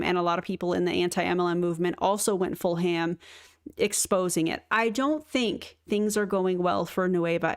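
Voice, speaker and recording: A woman hosting a sarcastic reaction commentary, firing quick asides and dry jokes at the clips she plays. She talks in a middle pitch, quickening into bursts when she rebuts a point. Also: smooth. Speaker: commentary host.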